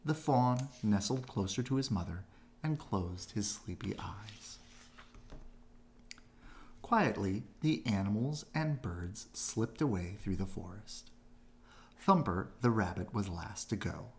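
A man reading a children's storybook aloud, gentle and expressive. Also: lowish voice, a little slow, gravelly. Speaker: storybook reader.

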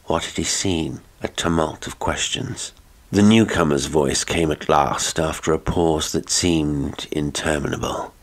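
Very deep, slow horror narrator man. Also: steady tone. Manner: slow, grave and measured. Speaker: audiobook narrator.

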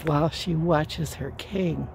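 A woman's voice: low-pitched, steady tone, slow pace, creaky, a little mellow, slight background noise. A woman hosting a casual garden vlog outdoors, playful and chatty. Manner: playful, whispers at times. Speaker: channel host.

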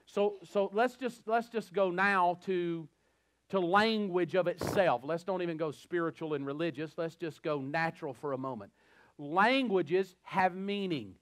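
A man with a Southern American accent preaching a sermon as a pastor, animated and repeating words as he builds a thought. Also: high-pitched, a little slow. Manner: animated, acts out little scenes and voices. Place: church.

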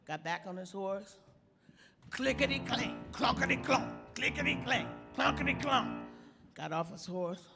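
An actress playing an elderly woman stand-up comic, telling folksy jokes with slow, sly punchlines on a theater stage. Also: a little high, animated, gravelly, music in the background. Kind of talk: live stand-up comedy routine in a play. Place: theater stage before an audience. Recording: long hall reverb of a live theater.

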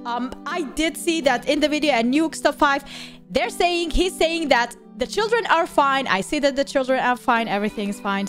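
A woman with a high voice that leaps all over her range reacts to clips. She talks in an animated, casual way and laughs easily. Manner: animated, laughs often, calls viewers "bros". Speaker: YouTube reaction host. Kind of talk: excitable reaction commentary.

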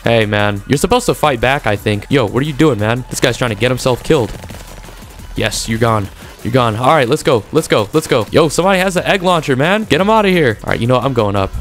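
A young man giving energetic, trash-talking commentary over his own gameplay, in casual slang. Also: medium pitch, fast talker, faint music behind. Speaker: gaming YouTuber.

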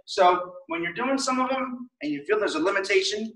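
Male martial arts instructor, high bright voice, upbeat and encouraging, calling out drills; recorded from across an echoey studio. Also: a little fast, far from the mic. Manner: upbeat, encouraging, casual with fillers.

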